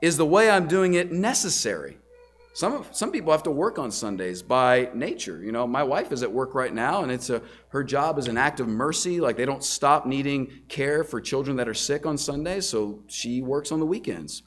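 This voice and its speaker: A man's voice: mid-range voice, expressive, moderate pace. A man preaching a sermon as a pastor, earnest and conversational, asking rhetorical questions and often restarting words. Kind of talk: sermon teaching.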